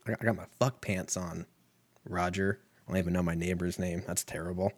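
A man's voice: low voice, little pitch movement, brisk, no echo. A man in his thirties hosting a podcast, rambling alone in a crude, profane, self-mocking way that keeps drifting into tangents. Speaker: podcast host. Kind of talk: rambling casual monologue.

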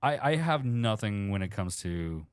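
A man's voice: lowish voice, big pitch swings, unhurried, smooth. A man co-hosting a podcast in casual comedic chat, jokey and prone to stammering restarts. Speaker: podcast co-host.

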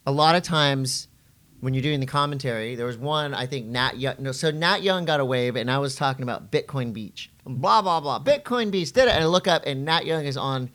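Middle aged guy on a podcast, mid pitch, gets super animated telling stories. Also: brisk. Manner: animated storytelling, acts out quotes in a high voice. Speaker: podcast co-host and surf commentator. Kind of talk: casual podcast chat.

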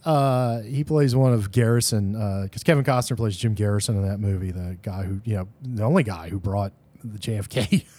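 A man's voice: on the low side, normal speed, mellow. A man with a Southern US accent from Louisiana, co-hosting a casual movie chat, laughing often. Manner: chatty, laughs often, breaks into a broad put-on Southern movie drawl. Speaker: podcast co-host.

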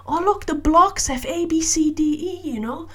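A woman imitating an adult who coos exaggerated, high baby talk to a small child. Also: moderate pace. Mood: cooing. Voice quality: high, sing-song, exaggerated.

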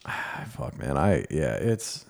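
A man's voice: a bass voice, very animated, slow, gravelly. A man co-hosting a podcast, frankly recounting a conversation in casual chat and swearing now and then. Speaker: podcast co-host.

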